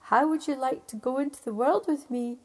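A woman storyteller voicing a boastful, cheeky little male tailor in an excited high voice. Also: takes it slowly, full character voice. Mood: bold.

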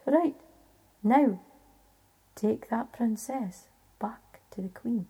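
A woman's voice: a little high, extremely slow, dark tone, slightly rough, exaggerated voice, rough recording. A woman voicing a bold young lad with a Scottish accent, firm and matter-of-fact.

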